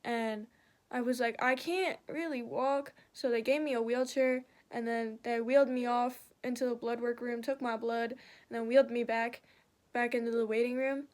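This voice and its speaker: A young woman chatting casually while doing her makeup, telling a story with lots of swearing and animated retelling. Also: fairly high pitch, moderate pace.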